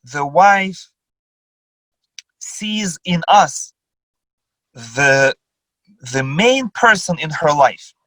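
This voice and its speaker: A rabbi lectures over a video call in a high-pitched man's voice, taking his time with each phrase. He teaches emphatically, posing rhetorical questions and answering them himself. The sound is close and dry, with no room echo. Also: a bit bright.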